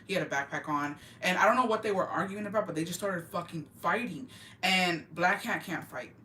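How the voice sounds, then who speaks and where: A woman's voice: fairly low pitch, fairly quick, pushed and bright. A woman telling a gossip story to her viewers in a casual, profane, emphatic way, dropping Spanish phrases into her English. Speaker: vlogger. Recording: roomy, distant mic, faint ambient noise.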